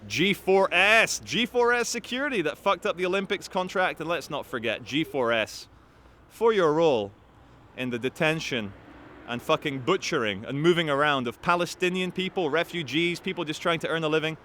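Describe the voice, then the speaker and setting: A man telling a story to camera in an animated, profane, rambling way. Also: fairly high pitch, a little fast, slight background noise. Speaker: activist vlogger.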